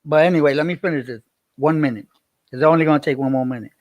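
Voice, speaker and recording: A man's voice: on the high side, fast, dry recording. A man, livestreaming and chatting with viewers in a rambling way, repeating himself as he tells a story. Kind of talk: casual livestream chat.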